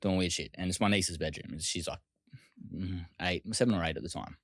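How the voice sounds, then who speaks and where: Casual Australian male guest; low voice, dry close sound, loose rapid delivery with swearing. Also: no room sound. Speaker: interview guest. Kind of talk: casual storytelling interview.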